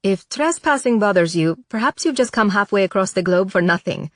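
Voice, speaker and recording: A patient, reassuring woman guide speaks calmly and gently persuades, as a woman narrator voices her. Her voice sits at an ordinary middle pitch. The audiobook recording is dry and close, with no room sound. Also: a little fast, dry recording, natural voice.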